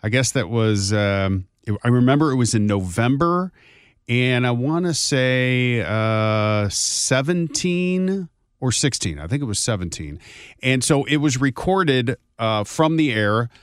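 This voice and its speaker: A man's voice: mid-range voice, expressive, a little slow, smooth, no room sound, studio quality. A man, a radio host, chatting casually on a podcast, hesitant and full of fillers. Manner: hesitant, lots of fillers and restarts.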